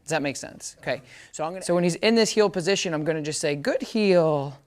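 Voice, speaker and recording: A woman's voice: deep voice, expressive, fast talker, a little mellow. A woman dog trainer giving a hands-on lesson in a casual, chatty way, often checking that her listener follows and breaking into short upbeat praise commands for the dog. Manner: casual explainer, keeps checking "does that make sense?".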